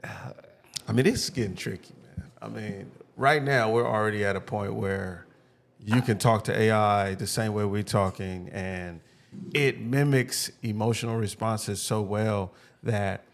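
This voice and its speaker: Laid-back male co-host, low voice, lets phrases fade out, light hiss behind. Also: fairly even intonation, a little slow, gravelly. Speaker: podcast co-host. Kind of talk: casual chat.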